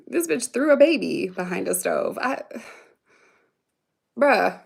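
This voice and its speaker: Creaky-voiced woman in rambling profane chat. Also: on the high side, very animated, very slow. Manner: profane, rambling, laughs often; reacts to comments aloud. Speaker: vlogger answering viewer comments. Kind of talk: casual livestream chat.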